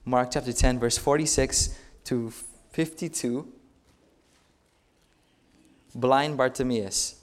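A man's voice: mid-range voice, fairly even intonation, takes it slowly, pauses often. A male pastor preaching a sermon, retelling stories in a conversational way and putting rhetorical questions to the congregation.

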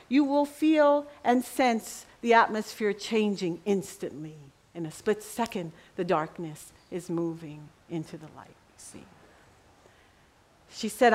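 A middle-aged woman preaching a sermon with passion, dropping to a hush and rising to ringing cries. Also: medium pitch. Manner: impassioned, swings from hushed to ringing cries.

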